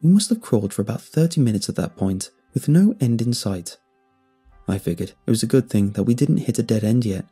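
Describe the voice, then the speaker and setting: A man narrating a first-person horror story in a tense, measured way. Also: mid-range voice, animated, mellow, husky. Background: faint music.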